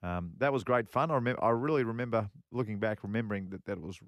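A man's voice: on the low side, fast, dry recording. Rambling man telling golf stories. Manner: rambling, repeats phrases, many fillers. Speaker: co-host and former pro golfer. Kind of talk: casual radio chat, storytelling.

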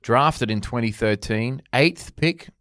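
A man hosting a sports talk show, easygoing as he leads a quiz. His voice sits at a middle pitch. The sound is close and very dry. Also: slow, a bit bright, dry recording. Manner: easygoing, laughs along, runs the quiz. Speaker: podcast host. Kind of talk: casual chat.

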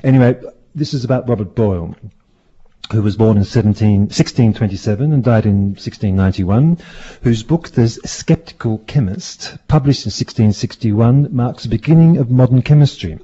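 Man, radio presenter, playful and rambling, husky voice, muffled lo-fi sound. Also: medium pitch, normal speed, dark tone. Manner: jokey, rambling, self-mocking, trails off. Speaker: radio show segment presenter. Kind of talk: playful casual chat. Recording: dull lo-fi radio recording.

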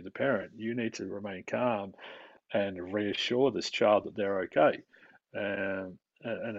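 A man, a mental health practitioner explaining his work in a calm, steady way during a podcast interview. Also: fairly low pitch, breathy edge, no room sound. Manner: calm, explanatory, with light laughs. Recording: dry, dull lo-fi recording.

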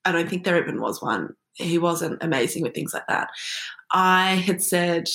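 Woman, lower voice, wry storyteller, laughs through her story, roomy echo, faint music behind. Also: normal speed, gravelly, fairly bright tone. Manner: wry, laughs often while telling. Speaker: guest. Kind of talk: storytelling interview.

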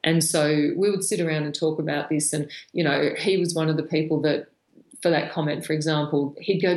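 A woman's voice: deep voice, steady tone, brisk, a little mellow. An Australian woman, a veterinarian guest, frankly telling stories from her work in an interview, with many fillers and restarts. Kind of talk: conversational storytelling interview. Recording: roomy echo.

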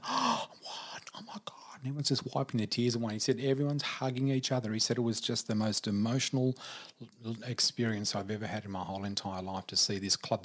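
A man who is an interview guest, telling a personal story in an earnest, emphatic way and repeating words for effect. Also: medium pitch.

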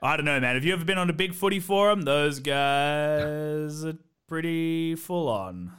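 A man hosting a casual podcast chat, opinionated and animated, speeding up and slowing down as he argues. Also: a little high, clear, resonant tone. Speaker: podcast host.

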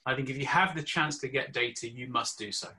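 Male intensivist, emphatic debater, bright tone. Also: mid-range voice, brisk. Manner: emphatic, argumentative. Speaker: intensivist debating in a conference panel. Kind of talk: conference debate.

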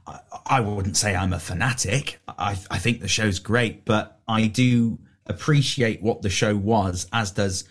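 A man's voice: on the low side, unhurried. A man with a nasal voice, a voice director and actor, chatting and laughing in an interview over a video call. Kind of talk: casual interview.

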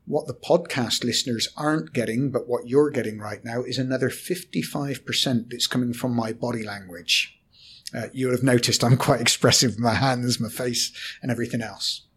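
A man, a corporate trainer explaining communication in a podcast discussion, measured and hesitant at times. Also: medium pitch, a bit bright, husky.

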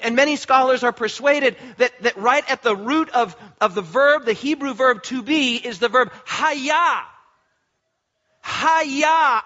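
High-voiced man preaching a sermon. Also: sharp tone. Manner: emphatic preaching with repetitions and restarts. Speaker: pastor. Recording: muffled lo-fi sermon recording.

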